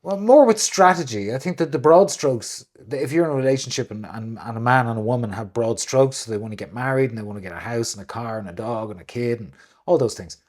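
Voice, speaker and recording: A man co-hosting a casual chat, talking animatedly and jumping into big high voices when he quotes people. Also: quick pace, darkish tone. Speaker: co-host.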